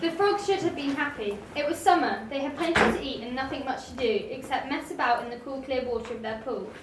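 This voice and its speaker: High-voiced woman reading a storybook. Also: brisk, recorded from a distance. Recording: roomy room, voice off-mic, faint hiss.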